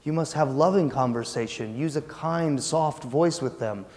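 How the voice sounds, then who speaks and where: A man voicing a calm male TV preacher who gently advises husbands and wives, heard with a long hall reverb. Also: on the high side, moderate pace, lightly acted. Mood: gentle.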